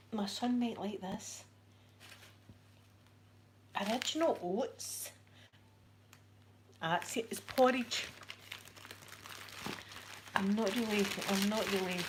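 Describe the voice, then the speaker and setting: Scottish woman, vlog host, emotional and excitable, slow delivery, noisy crinkling recording. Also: medium pitch. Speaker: channel host. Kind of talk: casual unboxing vlog.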